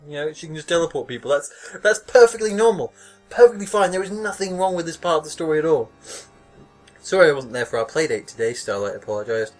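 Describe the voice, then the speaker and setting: A man's voice: on the high side, a bit bright. A young man hosting a podcast, reading a scary story aloud and mocking it with sarcastic, swear-filled asides and frequent laughter. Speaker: podcast host reading stories. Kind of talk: comedic reading with sarcastic commentary.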